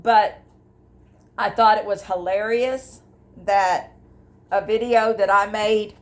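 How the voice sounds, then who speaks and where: This older woman has a mid-range voice and a steady tone, and she speaks slowly. Filming a personal vlog on her device camera inside her home, the grief vlogger rambles earnestly with restarts, candid and emotional about what she feels.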